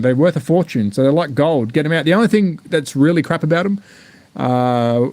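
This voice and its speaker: A man with an Australian accent, somewhat high-pitched, talking in a loose, rambling live-stream style. He is blunt and jokey and swears freely as he goes, like a hobbyist chatting to viewers. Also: dark tone, dry recording. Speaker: slot car channel host. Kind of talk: casual live-stream unboxing chat.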